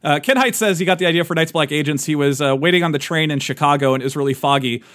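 A man's voice: a little high, fast talker, fairly bright tone. A man hosting a casual podcast chat, eagerly recommending shows to his co-hosts. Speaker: podcast host and game master.

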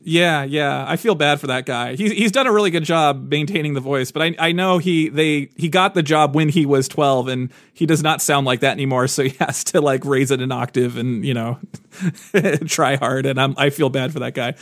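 A man co-hosting a podcast in casual chat, jokey and animated with quick asides. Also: mid-range voice, no room sound, clean studio sound. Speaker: podcast co-host.

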